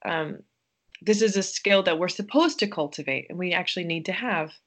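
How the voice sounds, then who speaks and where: A woman with a slightly low voice appears as a podcast guest. Gentle and reflective, she often pauses and hesitates while working out her thoughts.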